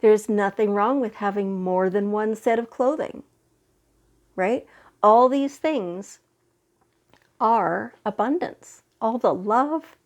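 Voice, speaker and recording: A woman giving a weekly spiritual card reading in a gentle, reassuring way, getting over a head cold. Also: medium pitch. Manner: slow, gentle, reassuring with fillers and restarts. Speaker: tarot and oracle card reader.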